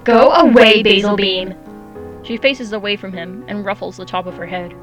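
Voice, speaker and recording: A woman voicing a manipulative female cat spirit in a borrowed body, sweet and flirty at times and shrill and hissing at others. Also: a little fast, a bit bright, soft background music, natural voice.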